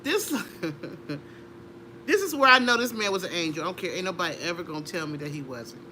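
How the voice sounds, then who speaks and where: Bright-voiced woman telling a story animatedly. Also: lowish voice, normal speed, a little hiss or hum. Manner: animated, laughing, acts out voices in her story. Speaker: interview guest. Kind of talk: conversational storytelling.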